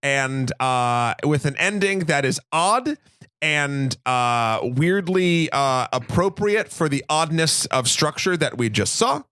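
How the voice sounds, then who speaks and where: A male podcast host talks in a loose, rambling style and corrects himself as he goes, with a playful edge. His voice sits fairly high, and the recording is dry with almost no room sound. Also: expressive, slow pace, sharp tone, clean tone, dry recording. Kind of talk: casual film podcast chat.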